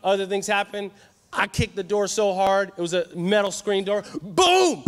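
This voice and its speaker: Male youth preacher, high-pitched and animated, live in a reverberant hall. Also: normal speed, clean tone. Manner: animated, joking with the crowd. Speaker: youth conference speaker. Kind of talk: energetic sermon.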